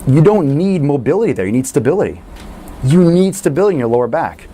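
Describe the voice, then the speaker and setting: A man coaching fitness in a casual question-and-answer talk, blunt and animated, swearing freely. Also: fairly high pitch, fast talker, slight background noise.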